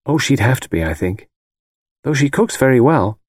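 A man voicing a gentle young rich American wife, speaking softly and calmly in an audiobook. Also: medium pitch, moderate pace, no echo, clean studio sound, voice pushed up. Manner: soft, calm and dreamy.

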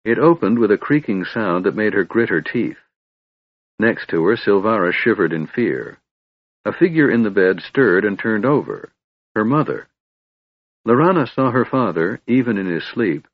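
A man narrates a fantasy audiobook in a measured, steady delivery. His voice is fairly low and husky, recorded close and dry, with slightly dull audio. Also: dry recording.

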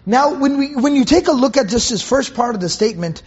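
A man teaching a Quran commentary lesson in an earnest way, repeating phrases for emphasis and reciting Arabic verses slowly. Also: very high voice, expressive, breathy edge. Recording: dull, muffled lo-fi recording.

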